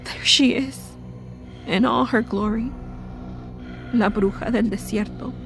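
A woman narrating a first-person horror audio drama, telling it breathlessly with halting restarts. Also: a little high, steady tone, soft background music. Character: young woman recalling a family horror.

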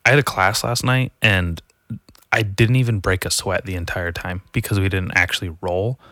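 A man's voice: low-pitched, sharp tone, no room sound. A man in his twenties hosting a podcast alone, rambling and joking with lots of swearing. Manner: rambling, profane, jokey. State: slightly out of breath. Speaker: podcast host. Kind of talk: casual solo podcast rant.

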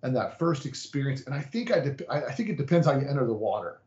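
Guy hosting a chat, mid pitch, thinks out loud, echoey room, kinda dull audio. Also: very animated, fast. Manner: reflective, rambling with restarts. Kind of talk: casual chat.

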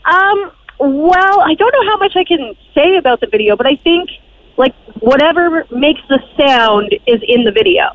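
Bubbly high-voiced woman. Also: expressive, normal speed, no room sound, narrow, tinny audio. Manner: bubbly, laughing. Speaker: radio host guest. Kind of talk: casual radio chat.

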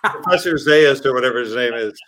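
A man chatting casually as a guest, joking and telling lively stories. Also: medium pitch, a little fast. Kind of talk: casual chat.

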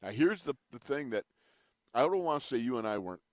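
A former athlete co-hosting a casual sports talk, relaxed and joking. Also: male voice, medium pitch, quick pace, dry recording.

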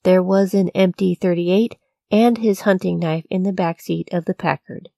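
A woman narrating a true-crime story from a script, in a measured, even storytelling delivery. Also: on the low side, creaky, no echo, studio quality. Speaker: podcast narrator.

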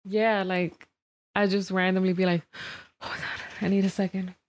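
A woman's voice: mid-range voice, flat delivery, normal speed. A woman co-hosting a casual livestream, giggly and laid-back, talking in slang.

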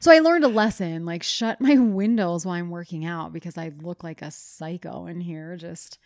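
Animated storytelling young mom, dry sound. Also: female voice, lowish voice, moderate pace, no room sound. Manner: animated storyteller, swears casually. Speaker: podcast co-host. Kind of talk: casual chat.

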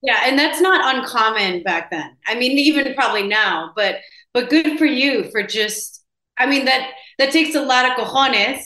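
A woman hosting a casual entertainment chat, talking in a chatty, gushing way with quick asides. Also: high voice, animated, pushed and bright, echoey room, rough recording. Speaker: entertainment host.

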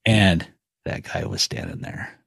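A middle-aged man, a guest, telling a hunting story in a folksy, animated way and acting out quotes. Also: low voice, a little slow, gravelly, breathy edge, no room sound, studio quality. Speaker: guest elk hunter.

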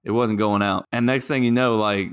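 A man's voice: on the low side, fairly even intonation, moderate pace, smooth. Laid-back young man hosting a podcast. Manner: laid-back, rambling storyteller. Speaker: podcast host. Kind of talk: casual chat.

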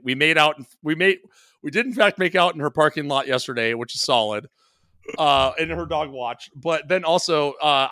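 A man with a slightly high voice rambles through a funny story for a chat podcast, often stumbling and restarting. The sound is very dry and close, with no room around it. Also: bright, forceful tone, no echo. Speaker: podcast co-host. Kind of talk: casual chat.

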